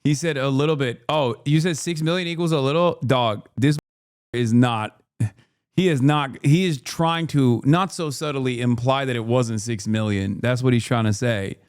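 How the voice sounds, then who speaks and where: A man's voice: medium pitch, normal speed, clear, resonant tone, no echo, clean studio sound. A man streaming casual reaction commentary on a debate clip, blunt, slangy and incredulous.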